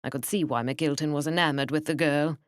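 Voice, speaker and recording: Low-voiced woman narrating an audiobook. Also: fairly even intonation, fairly quick, no room sound, studio quality.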